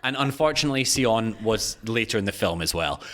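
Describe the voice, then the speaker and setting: A man's voice: on the low side, animated, brisk, sharp tone. Teasing podcast host, man. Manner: joking, teasing, self-mocking. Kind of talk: casual chat.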